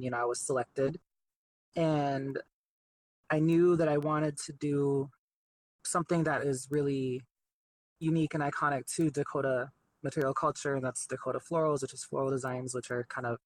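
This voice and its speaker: A young man, an artist guest in an interview, talking in a chatty, relaxed way with plenty of fillers. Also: mid-range voice, low-quality recording. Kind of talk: casual interview.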